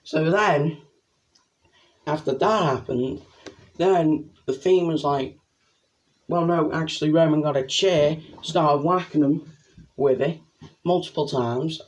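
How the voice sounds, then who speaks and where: A young man giving a rambling, excitable spoken review of a wrestling event. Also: on the high side.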